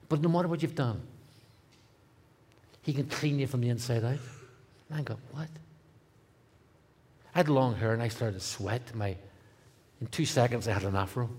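A middle-aged man with a Northern Irish accent, a guest speaker telling his testimony in a comic, animated way, dropping to a hush and rising loud. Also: medium pitch, slight background noise. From Northern Ireland. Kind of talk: testimony storytelling.

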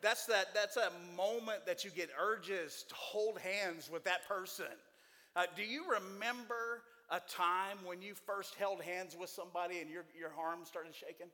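A man in his forties preaching a sermon to a church congregation, folksy and joking, with animated delivery. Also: high-pitched, a little slow, in a large hall. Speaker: pastor.

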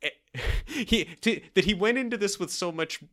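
Animated man recapping a sitcom scene. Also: normal speed. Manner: animated, acts out quoted lines with big pitch jumps; frequent restarts and repeated words. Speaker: podcast co-host. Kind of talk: casual chat recapping a sitcom.

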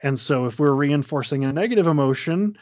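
Animated man retelling a game story. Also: on the high side, a little fast, dry recording. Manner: animated retelling, acting out dialogue. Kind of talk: casual podcast chat.

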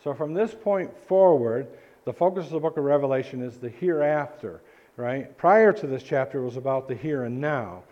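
A male pastor preaching a sermon in a church, earnest and halting, with frequent restarts. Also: mid-range voice, lively intonation, highs cut off. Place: church sanctuary.

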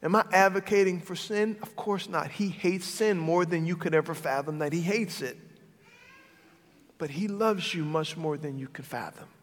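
A male pastor with a high, bright voice delivers a sermon in a big hall whose long echo trails after each phrase. He swings from forceful declarations down to soft, hushed appeals. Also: moderate pace, a little hiss or hum. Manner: dynamic preaching, swinging from loud to hushed.

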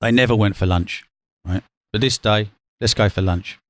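A man, a former bond trader, guesting on an interview and telling stories in a casual, lively way. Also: on the low side, moderate pace, no room sound, studio quality. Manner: lively, acts out quotes, laughs while telling. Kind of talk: casual anecdotal storytelling.

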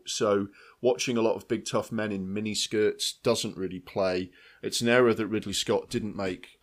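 A man co-hosting a film podcast, rambling and emphatic as he critiques a film. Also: fairly low pitch. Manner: rambling, restarts, emphatic swearing. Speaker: podcast co-host. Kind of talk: casual film review chat.

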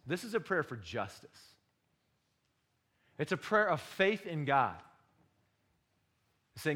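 A man preaching a sermon, with a slightly raised pitch. He fires rhetorical questions at his congregation. His delivery swings from fervent, loud peaks to quiet, intimate lows. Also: big pitch swings, moderate pace, pauses often. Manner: impassioned, swings between loud and hushed. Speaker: pastor.

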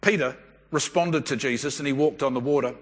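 Male pastor, conversational sermon, slightly husky voice, reverberant church hall. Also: mid-range voice, a little fast. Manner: conversational storytelling preacher.

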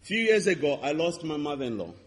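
A man preaching a sermon, telling a testimony with impassioned swings between loud and hushed delivery. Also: fairly high pitch, sing-song, quick pace, breathy edge. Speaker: pastor. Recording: reverberant hall.

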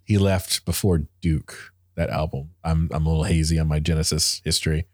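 A man with a very deep, low voice chats casually about music. He rambles with enthusiasm, full of fillers and restarts. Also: steady tone, moderate pace.

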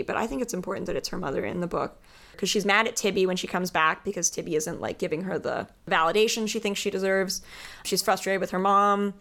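A woman's voice: medium pitch, a bit bright. A woman hosting a podcast, chatting enthusiastically about a novel and reading passages aloud. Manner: enthusiastic, laughs often, reads passages aloud. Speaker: podcast host. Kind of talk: casual book discussion.

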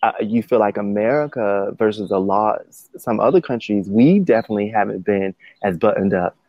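A man's voice: lowish voice, fairly quick, no echo, highs cut off. A man chatting casually, laughing often and rambling with restarts. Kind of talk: casual chat.

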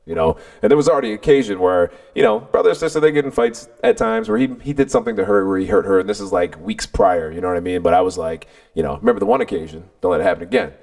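A man's voice: low-pitched, fast, gravelly, hardly any pauses. A man co-hosting a podcast, telling a story in casual chat, acting out what people said, swearing and laughing often. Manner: animated, acts out quotes, swears, laughs often. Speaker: podcast co-host.

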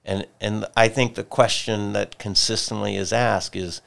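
A man's voice: fairly low pitch, fairly even intonation, unhurried, vocal fry, fairly bright tone. A man co-hosting a church discussion podcast, retelling a story in a thoughtful way and circling back to repeated questions. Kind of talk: reflective faith discussion.

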